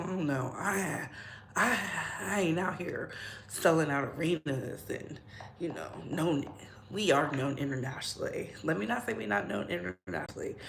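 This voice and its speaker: A woman's voice: lowish voice, normal speed, creaky, slight background noise. Chatty woman gossiping in an echoey room. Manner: chatty, repeats herself, drops into whispers. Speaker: gossip show host. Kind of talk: casual celebrity gossip commentary.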